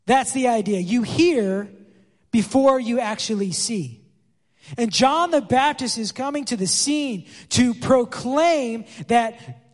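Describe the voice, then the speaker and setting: A pastor preaching a conversational sermon, acting out quoted dialogue as he explains the text. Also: extremely high pitch. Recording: long hall reverb.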